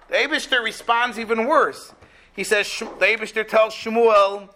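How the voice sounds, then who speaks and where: A man with a very high, bright voice teaching a Torah class. He explains the verse with energy and acts out the speakers in it. His tone is lively and expressive. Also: moderate pace. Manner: animated, acts out quotes.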